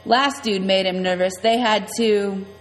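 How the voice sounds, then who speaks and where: A woman's voice: mid-range voice, steady tone, measured pace, close to an everyday voice. A woman voicing a scrawny, nosy chain-smoking woman who talks out of the side of her mouth. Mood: wheedling. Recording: long reverb, faint music.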